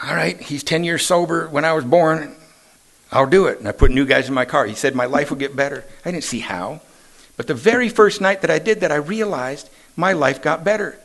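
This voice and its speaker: A man's voice: medium pitch, animated, a little fast, creaky, a bit bright. A man in his sixties sharing his personal recovery story at a meeting, with self-deprecating humor and casual questions to the audience. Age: 60s. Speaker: AA meeting speaker. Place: meeting hall.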